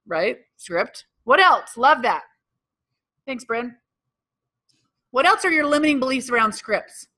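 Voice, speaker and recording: An energetic real estate sales trainer with a high, bright voice leads a live workshop in a training room, taking audience questions. She speaks at a measured pace with frequent pauses, quizzing the room and repeating the answers back.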